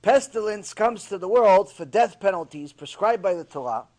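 A man's voice: high-pitched, normal speed. A man giving a mussar lecture on Torah ethics, telling jokes and acting out characters as he teaches. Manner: animated storyteller, jokes, acts out characters.

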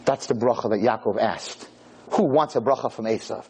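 A man giving a lively Torah sermon to a class of girls, telling stories and acting out the dialogues, in a room with a live audience. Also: mid-range voice, normal speed, slightly rough. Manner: animated, storytelling, acts out dialogues. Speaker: Torah lecturer.

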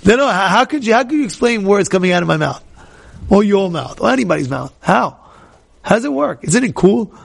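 A man leads an informal Torah class in a high, gravelly voice. He talks in an animated, repetitive way and keeps putting questions straight to his listeners. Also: fairly quick. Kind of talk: informal Torah class talk to a live group.

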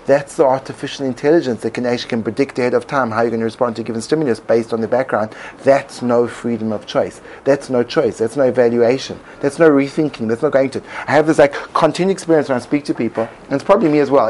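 Male host, reflective talk, musing and restarting, mid-pitched, light hiss behind. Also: quick pace, a little mellow, poor audio. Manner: musing, many restarts and fillers. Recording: faint background noise.

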